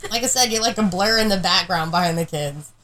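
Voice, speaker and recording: Emphatic woman with a bright voice. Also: lowish voice, a little fast. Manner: emphatic, repeats her points. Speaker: podcast co-host. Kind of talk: casual chat.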